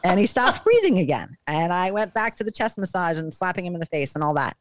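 A middle-aged woman co-hosting a podcast, retelling a story in an animated, dramatic way. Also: lowish voice, a little fast, a little hiss or hum. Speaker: podcast co-host. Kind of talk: casual storytelling.

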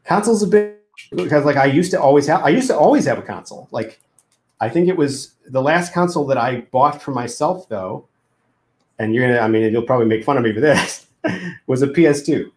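A man's voice: medium pitch, expressive, brisk, darkish tone. A man who makes games, chatting casually with a lot of restarts and fillers. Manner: hesitant, many restarts and fillers, laughs often. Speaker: game developer. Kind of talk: casual podcast chat. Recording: roomy echo.

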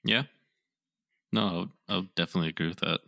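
A man's voice: low-pitched, fast talker, vocal fry, dry recording, studio quality. A man co-hosting a podcast in casual chat, talking in a laid-back way with lots of "like"s. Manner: relaxed, many fillers like "like". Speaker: podcast co-host.

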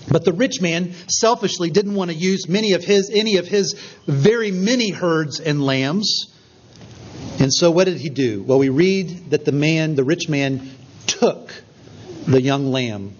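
Male pastor, emphatic storytelling sermon, somewhat high and husky, lo-fi recording. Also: a little hiss or hum. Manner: earnest, emphatic storytelling with rising stresses.

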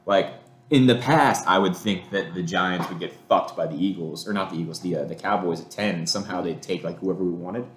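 A man's voice: sits low, fairly quick, a bit bright, echoey room. A man co-hosting a casual sports chat podcast, talking bluntly and swearing freely. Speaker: podcast co-host.

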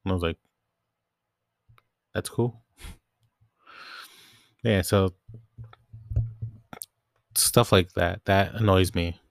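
Low-voiced young man ranting about work. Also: steady tone, takes it slowly, gravelly, long pauses, no echo, studio quality. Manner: rambling, quotes coworkers, frequent "like". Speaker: grocery store worker. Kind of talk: casual storytelling rant.

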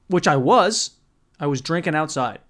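A man's voice: on the high side, expressive, normal speed, fairly bright tone. A man doing stand-up storytelling in a profane, rambling, bro-ish way. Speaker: stand-up comedian.

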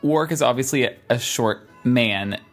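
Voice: mid-range voice, normal speed, soft background music. A podcast co-host in casual chat, asking playful questions and teasing the others.

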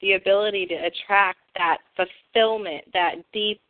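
A woman's voice: medium pitch, fairly even intonation, normal speed. A woman hosting an interview, responding with eager agreement and steering to the next topic. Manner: enthusiastic, affirming. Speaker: host. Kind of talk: casual conversational interview. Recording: phone-like line.

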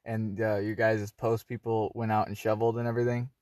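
A man's voice: on the low side, flat delivery, brisk, darkish tone, dry recording, studio quality. A man in a casual chat who tells a rambling story full of fillers and acts out the people he quotes.

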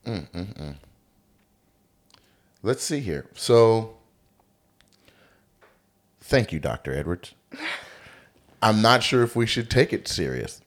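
Laid-back man, animated joking co-host. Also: on the low side, slow, long pauses. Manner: animated, joking, profane storytelling. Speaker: podcast co-host. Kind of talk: casual podcast chat.

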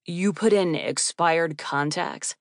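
A tall, exacting man with a deadpan delivery and sharp, precise consonants, his voice pitched lower, as a woman puts him on in an audiobook. Slow, dry and close to the mic. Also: no room sound.

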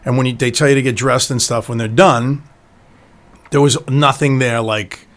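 A man in his fifties co-hosting a podcast, rambling with halting restarts and exasperated asides. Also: medium pitch, fairly even intonation, fairly bright tone. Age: 50s. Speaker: podcast co-host. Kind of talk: casual podcast banter.

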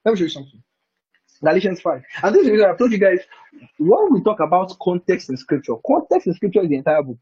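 A man's voice: high voice, sing-song, quick pace, mellow, husky. A man preaching a bible teaching sermon in a conversational way, often asking "do you understand?" and chuckling between points. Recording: dull lo-fi recording.

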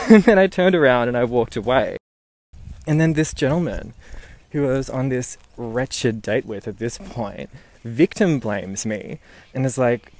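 A man's voice: mid-range voice, expressive, normal speed, darkish tone. A man from Newcastle telling a story casually and animatedly, swearing and laughing as he goes.

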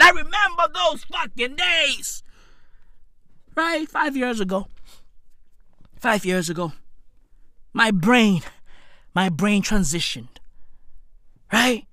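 A woman, loudly rambling through a comic monologue, repeating herself, swearing and dropping slang. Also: a little high, slow, long pauses, no echo. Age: 30s.

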